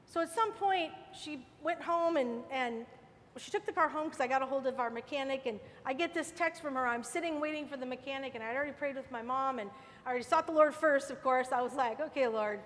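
A woman's voice: sits high, fairly quick, long reverb tail. A middle-aged woman teaching a sermon to women, fervent, repeating phrases with rising force.

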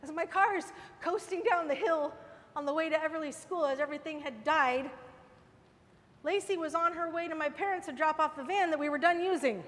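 High voiced lady preaching, gets fired up repeating stuff, reverby room. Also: a bit bright. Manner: fervent, repeats phrases with rising force. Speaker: women's Bible teacher. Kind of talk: sermon.

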